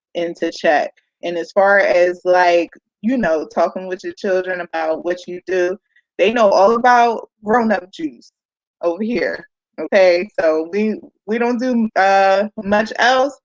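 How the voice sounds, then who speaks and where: A woman's voice: on the low side, no echo. A woman moderating a panel of mothers, sharing her own experience candidly and often saying "like". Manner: candid, frequent "like". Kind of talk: casual panel conversation. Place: home, video call. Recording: dry, slightly dull sound.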